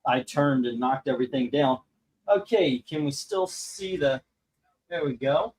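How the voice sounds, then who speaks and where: A man's voice: mid-range voice, sing-song, unhurried, darkish tone, recorded from a distance, poor audio. A man hosting a live comic book auction stream, chatting casually and rambling with many filler words. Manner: rambling, full of filler words, self-mocking.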